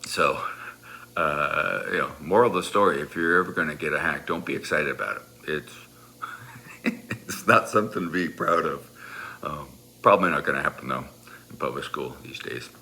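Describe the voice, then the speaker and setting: A man telling a funny true story from his school days in an animated way, laughing as he goes, with rambling restarts. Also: a bass voice, moderate pace, creaky, slight background noise. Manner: animated, laughs through the telling, acts out voices. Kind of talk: personal anecdote storytelling.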